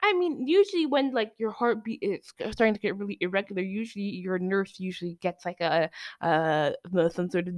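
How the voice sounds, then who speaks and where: A woman co-hosting a casual movie-review podcast, retelling scenes in an animated way with excited outbursts. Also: medium pitch, fairly quick. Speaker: podcast co-host.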